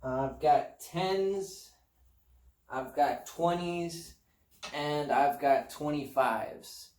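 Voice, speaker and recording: A man's voice: a little high, extremely slow, darkish tone, far from the mic. A man rambling casually and self-deprecatingly about his apartment home gym. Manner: laid-back, meandering, self-deprecating. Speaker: fitness vlogger. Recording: roomy sound, voice off-mic.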